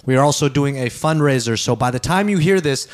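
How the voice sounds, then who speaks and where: A man's voice: medium pitch, lively intonation, fairly quick. Man co-hosting a casual podcast. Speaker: podcast co-host. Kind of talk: casual chat and read sponsor spot.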